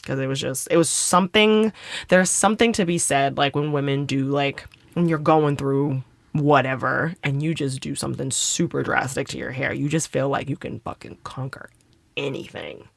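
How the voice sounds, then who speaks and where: A woman host in her thirties, gravelly and bright, swearing and chatty, dry close mic. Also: normal speed, no room sound. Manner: animated storyteller, swears freely, acts out quotes with big pitch jumps. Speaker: podcast co-host. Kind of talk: casual chat.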